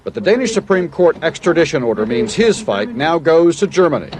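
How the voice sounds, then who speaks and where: A man narrating a television news report as a correspondent, in a crisp reporting manner. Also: fairly high pitch, big pitch swings, a little fast, a crowd in the background.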